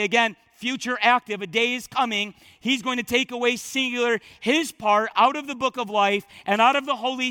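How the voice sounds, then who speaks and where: A man preaching a sermon as pastor, emphatic and repetitive, swinging from loud declarations to hushed words. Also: very high-pitched, clean tone, no room sound.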